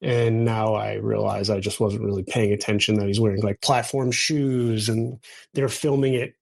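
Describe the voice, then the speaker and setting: A man chatting on a movie podcast, telling stories in an animated way and laughing often. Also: fairly low pitch, moderate pace, creaky. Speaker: podcast co-host. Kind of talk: casual movie podcast chat.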